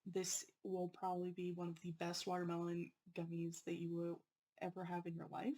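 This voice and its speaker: A woman hosting her own unboxing channel, talking casually and excitedly about snacks, often apologizing and laughing. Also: on the low side, fairly quick, rough recording.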